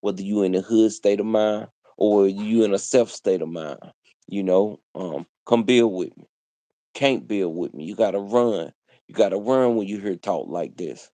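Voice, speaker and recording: Preachy man with a low, mellow voice. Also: moderate pace, dry recording. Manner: preachy, repetitive, street slang. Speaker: livestream host. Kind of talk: casual livestream monologue.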